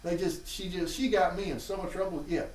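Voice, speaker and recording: A man's voice: sits high, fairly even intonation, brisk, a little mellow, far from the mic, slight background noise. A man with a Southern Alabama accent hosts a show and casually tells childhood stories to a live chat. He acts out what his family members said. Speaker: host. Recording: roomy, off-mic sound.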